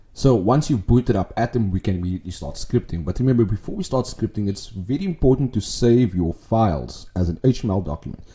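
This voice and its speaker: A man with a fairly low voice walks through a coding tutorial. He explains each step plainly and keeps checking in with a quick "okay?". He sounds like a teacher working through a lesson. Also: mellow, husky. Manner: explanatory, often tags points with "okay?". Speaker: web development instructor. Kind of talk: scripted tutorial narration.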